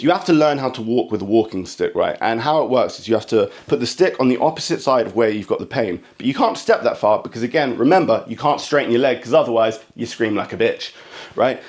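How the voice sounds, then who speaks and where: A man with an English accent performs a comedic monologue as a stand-up, animatedly telling a funny story at speed. Impatient and fast-talking, he keeps slipping into high mock voices.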